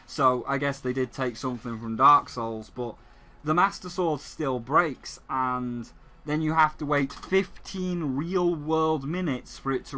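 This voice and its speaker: A man's voice: fairly high pitch, pushed and bright. A man hosting a gaming channel who rants sarcastically in casual commentary and often restarts his sentences. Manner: ranting, sarcastic, frequent restarts.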